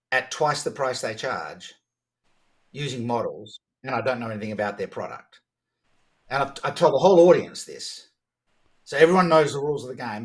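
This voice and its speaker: A man, a podcast guest telling stories about sales in a lively conversational way, often restarting his sentences. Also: medium pitch. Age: 50s. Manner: animated, quick to act out dialogue, frequent restarts. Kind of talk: conversational storytelling.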